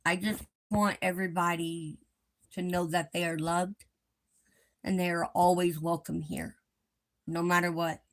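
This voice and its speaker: A woman hosting a live stream, speaking to her viewers in a gentle, reassuring way. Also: lowish voice, level tone, unhurried, pauses often. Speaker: livestream host.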